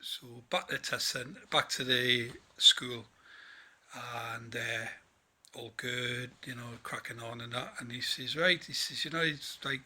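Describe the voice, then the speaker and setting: A man's voice: medium pitch, fairly even intonation, measured pace, bright, forceful tone. A tired man from northeast England, a trainee truck driver chatting in a rambling vlog about his day. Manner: chatty, rambling, many fillers and restarts.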